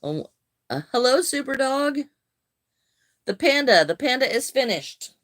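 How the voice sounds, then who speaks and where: An older woman with a high, slightly bright voice and big swings in pitch hosts a relaxed crochet live stream. She welcomes viewers by name and responds to their comments in a friendly, easygoing way.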